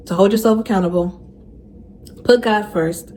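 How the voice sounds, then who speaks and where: A young woman speaks straight to her viewers in a relaxed, heartfelt faith vlog, circling back on key phrases for emphasis. Her voice sits at an average pitch and grows emotional when she talks about her faith. Faint noise sits underneath. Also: normal speed. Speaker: faith vlogger. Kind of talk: casual heartfelt vlog talk.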